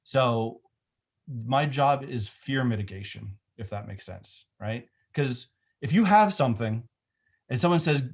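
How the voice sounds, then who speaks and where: A man's voice: mid-range voice, animated, measured pace. A middle-aged man, a film director, talking in a casual remote interview, thoughtful and rambling with many restarts.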